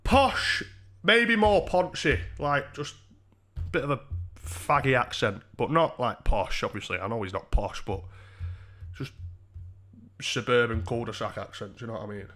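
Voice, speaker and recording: With long pauses in his speech, a live stream host answers donations with blunt, profane, laddish talk while sitting under a bright indoor light. His medium-pitched voice has a sharp tone and normal speed.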